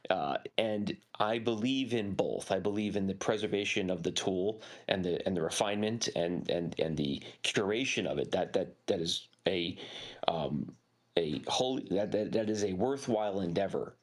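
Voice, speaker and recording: Male guest, fairly low voice, deliberate and measured, restarts often. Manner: measured, deliberate, repeats words. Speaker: panel guest. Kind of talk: casual panel discussion.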